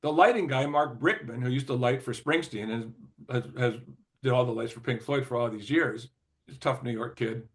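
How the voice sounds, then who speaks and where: An older man, a former record executive, telling stories as an interview guest in a loose, rambling way, with lots of "you know" and throat clearing. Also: mid-range voice, normal speed. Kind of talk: casual anecdotal storytelling.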